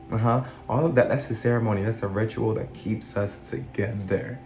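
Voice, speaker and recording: Man, life coach type, low voice, reflective casual commentary, roomy echo with faint music underneath. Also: steady tone, moderate pace, a little mellow. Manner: reflective, explains with examples, paraphrases lines in an imagined speaking voice. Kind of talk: casual spoken commentary on song lyrics.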